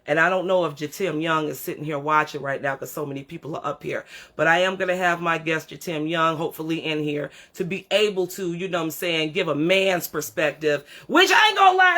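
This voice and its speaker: A woman's voice: on the low side, fairly bright tone. A middle-aged woman hosting a livestream, talking bluntly and with lots of swearing as she lectures her viewers straight to camera. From Creole background. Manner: blunt, profane, preachy, talks straight to viewers. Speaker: livestream host. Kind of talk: unscripted livestream rant.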